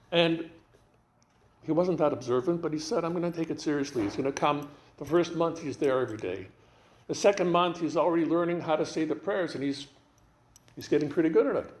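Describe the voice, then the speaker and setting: A man speaking as a guest rabbi, telling stories in an animated way and acting out the dialogue. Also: on the high side, brisk, roomy sound, a little hiss or hum. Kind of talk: storytelling talk.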